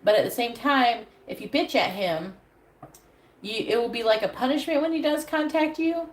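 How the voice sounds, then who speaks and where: A woman's voice: fairly high pitch, moderate pace. A woman giving a live tarot reading, handing out blunt advice with plenty of swearing. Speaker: tarot reader. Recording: echoey room with faint background noise.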